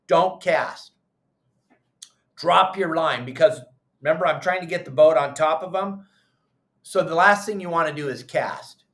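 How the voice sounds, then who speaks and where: Middle-aged guy, fishing show host, pushy and animated, kinda high voice, echoey room. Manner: animated, emphatic, repeats instructions. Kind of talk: call-in fishing advice show.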